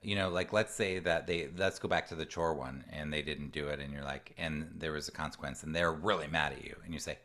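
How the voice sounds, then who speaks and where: A man with a low voice talks parents through a coaching presentation. He speaks in an earnest, conversational way. Now and then he slips into short voices of a parent or a child. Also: fairly quick, a bit bright. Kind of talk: online presentation with Q&A. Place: home room with a door.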